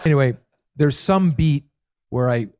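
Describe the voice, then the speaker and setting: A man as a podcast guest telling comic anecdotes, acting out quotes with lively energy. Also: medium pitch, a little slow, some chatter behind, a little hiss or hum. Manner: animated storytelling, acts out quotes.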